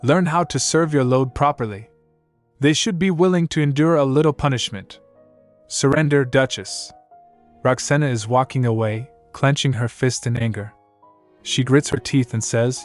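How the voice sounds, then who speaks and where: A man narrates a manhwa story recap in a steady, mid-pitched voice, reading every character's lines in the same even delivery. Faint music plays underneath. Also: moderate pace.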